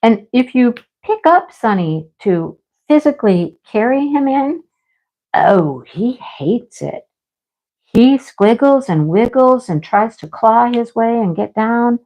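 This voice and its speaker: With a fairly high, warm voice, lively intonation and a slow pace, a middle-aged woman livestreams from home, casually rambling through a story and scolding along the way. The audio is slightly dull and lo-fi.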